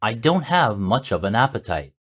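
A man reading short English sentences slowly for a language lesson, each one said twice with careful, expressive phrasing. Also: lowish voice, slightly rough. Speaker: native English voice for language drills. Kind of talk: slow repeated phrase reading.

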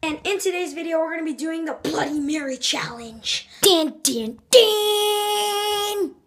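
A woman vlogging casually, jittery and excitable, sometimes dropping to a hushed voice. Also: sits high, fairly quick. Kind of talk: casual video narration. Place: small bathroom, lights off. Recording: echoey bathroom, faint noise.

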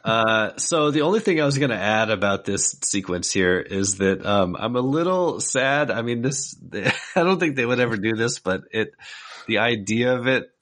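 A man co-hosts a podcast in a casual chat, laughing often. His voice sits at medium pitch with a bit of brightness, lively intonation, and a normal pace.

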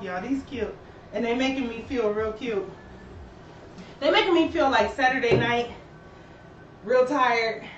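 A woman's voice: a little high, far from the mic, a little hiss or hum. A young woman hosting a live shoe sales stream, chatting to viewers and slightly out of breath. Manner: chatty, animated, talks to viewers. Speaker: shoe store host. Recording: roomy and lo-fi, voice from off-mic.

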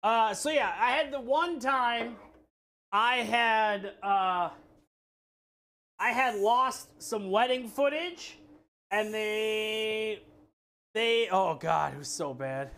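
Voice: medium pitch, slow pace, long pauses, fairly bright tone. Live-stream cook, chatty and profane, rambling anecdotes between recipe steps. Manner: rambling, profane storytelling with restarts. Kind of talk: casual chat with live chat while cooking.

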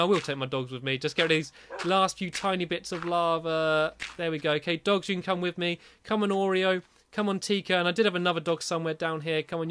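A woman giving live commentary while playing a video game, often jumping up high and squealing when things go wrong. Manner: excitable, squeals and rises high when in danger. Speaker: gameplay video maker.

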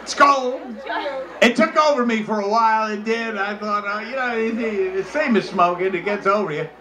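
A male comedian telling a raunchy story in a loud, brash delivery, breaking into shrieks. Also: high voice, fairly quick. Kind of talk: stand-up storytelling. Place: crowded bar. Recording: noisy crowded bar.

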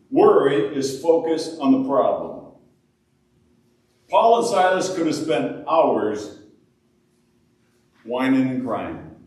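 A man preaching a sermon as pastor, acting out prayers and complaints with a lively, rising voice. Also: mid-range voice, very echoey, far from the mic, poor audio. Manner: animated, acts out prayers in a raised voice.

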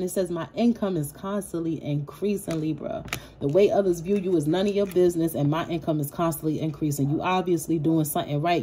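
A woman delivers a tarot reading in an easygoing, conversational way, full of slang and casual swearing. Her voice sits low with a warm, mellow tone. She speaks straight to her viewers, drifting into loose side thoughts as she goes. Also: breathy edge. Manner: streetwise slang, frequent swearing, loose rambling asides; addresses viewers directly and affectionately. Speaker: tarot reader.

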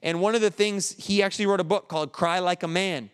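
A man's voice: high-pitched, fairly even intonation, fast talker, clear, resonant tone, big-room sound. A man, a pastor, preaching an earnest, conversational sermon while grieving.

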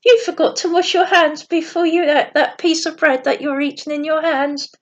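A woman's voice: high-pitched, steady tone, normal speed, close to an everyday voice. Woman reading a snappish, scolding rule-keeper. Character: stern scolding man, a pompous rule-keeper. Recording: dull lo-fi recording.

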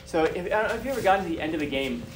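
A man's voice: high-pitched, racing. Man telling stories to an audience, distant mic. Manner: animated, chatty, repeats phrases. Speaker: guest speaker. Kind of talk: storytelling talk to an audience. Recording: distant mic with background noise.

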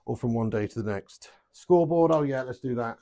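Joking, swearing lad. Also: male voice, medium pitch, fairly quick, warm tone. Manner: chatty and joking, swears freely, calls viewers lad and mate. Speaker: live stream host playing webcam darts. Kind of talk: casual live-stream chat.

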